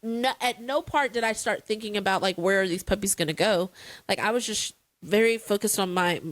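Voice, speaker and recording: A woman's voice: medium pitch, fairly quick, fairly bright tone, dry recording, poor audio. A woman co-hosting a casual chat, telling a story dramatically with playful exasperation. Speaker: podcast co-host.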